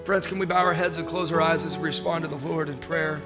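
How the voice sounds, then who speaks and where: Man, pastor, sermon, animated storyteller, high voice, church. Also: fast talker, few pauses, over music. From Oklahoma.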